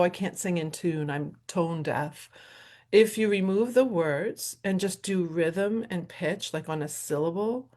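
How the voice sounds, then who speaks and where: A woman's voice: fairly low pitch, a little mellow. A middle-aged woman hosting her show, talking in a casual, rambling solo monologue with frequent laughs. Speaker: host and professional violinist.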